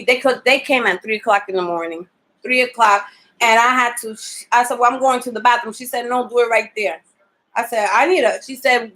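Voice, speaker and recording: A woman telling a personal story to the camera in a casual, animated way, acting out the dialogue she quotes and swearing freely. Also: on the high side. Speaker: vlogger.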